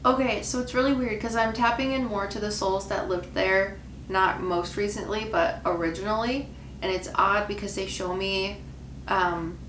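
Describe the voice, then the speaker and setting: A woman's voice: mid-range voice, a bit bright. A woman medium talking casually over a reaction video, musing and hesitant, with many fillers. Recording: echoey room with faint noise.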